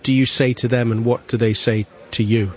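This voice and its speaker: A man hosting a broadcast interview, speaking gently with small stammering restarts. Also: mid-range voice, level tone, normal speed. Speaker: interview host.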